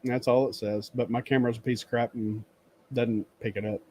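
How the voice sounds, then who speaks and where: A man's voice: mid-range voice, little pitch movement, fairly quick, darkish tone, husky. A man hosting a casual livestream chat, telling a rambling story, laughing often and acting out the greetings he traded. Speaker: livestream host. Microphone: webcam stream setup.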